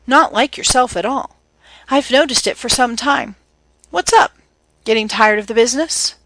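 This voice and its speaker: A woman's voice: on the high side, normal speed, a bit bright, dry recording, low-quality recording. A woman reading as a young man, a teasing yet protective older brother who talks in a breezy, slangy, earnest way.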